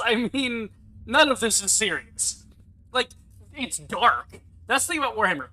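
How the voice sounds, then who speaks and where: Excitable young American gamer, bright piercing tone, rambling casual commentary. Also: male voice, high voice, normal speed, low-quality recording. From United States. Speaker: let's play YouTuber.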